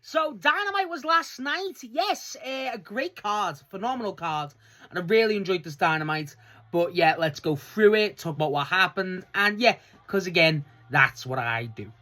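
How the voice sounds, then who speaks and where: A wrestling fan reviewing last night's show in a loose, chatty vlog, swearing freely and laughing often, with the voice jumping up high when excited. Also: moderate pace. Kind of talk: casual solo review vlog.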